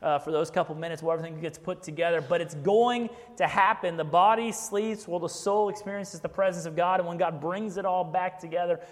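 A man's voice: high voice, steady tone, fairly quick, few pauses, long reverb tail. A man preaching a sermon as a pastor, speaking conversationally and often checking in with "right?", with a joke here and there. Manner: conversational, keeps asking "right?", jokes.

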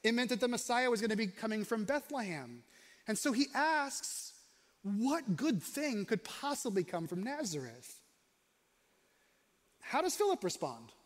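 Male pastor, high-pitched, chatty questioning delivery, reverberant hall sound. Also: big pitch swings, unhurried. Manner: conversational, questioning, varies pace for emphasis. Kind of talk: sermon.

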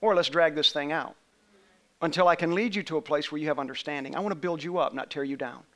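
Bright, high-voiced preacher man telling a story. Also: fast. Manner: conversational storytelling, asks congregation members questions. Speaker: pastor. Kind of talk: sermon with personal story.

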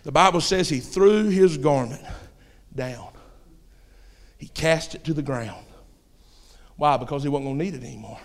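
A male pastor preaching a sermon with passion, his voice climbing to shouts at the peaks. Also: a little high, normal speed, long pauses, in a large hall. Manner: impassioned, rising to shouts.

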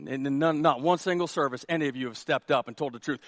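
High-voiced animated male preacher. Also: normal speed, no room sound. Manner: animated, jokey, shouting at times. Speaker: pastor. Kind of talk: sermon.

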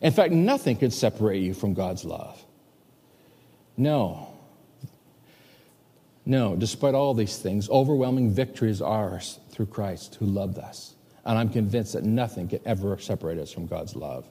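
A pastor in his fifties preaching a sermon, emphatic, swinging between loud and hushed. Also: lowish voice, animated, a little slow, slightly rough. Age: 50s. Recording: long hall reverb.

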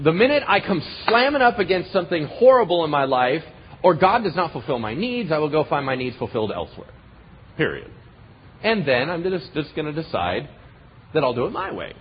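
A man pastor preaching a sermon in a conversational way, swinging from loud bursts to hushed asides, on a dull lo-fi recording. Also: a little high, slight background noise.

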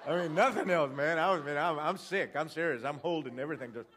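A man in his sixties preaching a storytelling sermon, animated and acting out the dialogue while joking with the congregation. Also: on the high side, fast talker.

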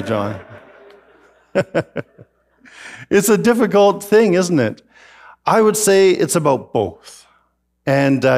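A man preaching a sermon, animated and joking with the congregation. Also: on the high side. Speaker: pastor.

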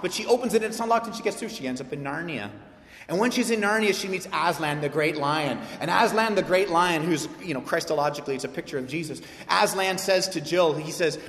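A man's voice: high voice, fairly bright tone. A man preaching a sermon as a pastor, passionate and emphatic, acting out quoted voices. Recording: echoey hall with long reverb.

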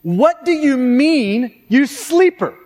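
A sarcastic, agitated ship captain, as a preacher puts him on, with a very high voice for a man. The words are drawn out slowly and mockingly. Long reverb trails behind them, as from a large hall. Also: sing-song, darkish tone, exaggerated voice. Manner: sarcastic, stretched out. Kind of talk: Bible passage read as a sermon quote.

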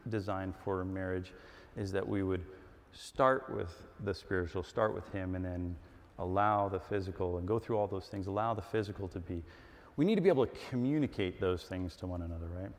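Middle-aged man preaching in a reverberant hall. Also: mid-range voice. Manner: animated, emphatic, acts out little dialogues. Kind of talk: sermon.

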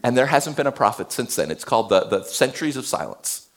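A male pastor giving a sermon, animated, swinging between loud emphasis and hushed tones. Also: mid-range voice, fast.

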